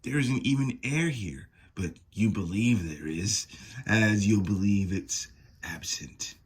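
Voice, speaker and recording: A man's voice: fairly low pitch, takes it slowly, husky. A man voicing a cruel female nightmare demon queen who taunts and mocks with gloating laughs. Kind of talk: reading comic dialogue aloud.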